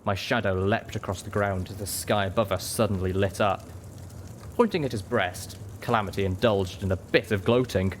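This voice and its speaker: Man, low voice, first-person story narration, steady reading, faint background noise. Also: normal speed. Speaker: audiobook reader.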